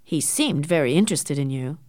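A stern, sarcastic middle-aged doctor with a dry, measured way of talking, pitched a little lower as a woman reads him in a storybook. His voice rises and falls with lively inflection, and the recording is close and dry. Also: no room sound.

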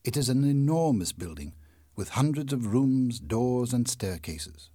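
A man reading a novel aloud as an audiobook narrator, in measured, clear storytelling. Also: medium pitch, expressive, warm tone, dry recording, clean studio sound. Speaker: audiobook reader. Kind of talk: scripted narration.

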